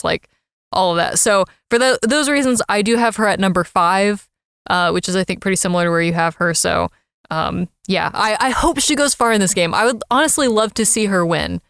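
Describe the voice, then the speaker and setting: A woman co-hosting a casual podcast, chatty and quick to laugh. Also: mid-range voice, creaky, fairly bright tone, smooth, no echo, clean studio sound. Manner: chatty, laughs easily, lots of fillers like "like". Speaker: podcast co-host.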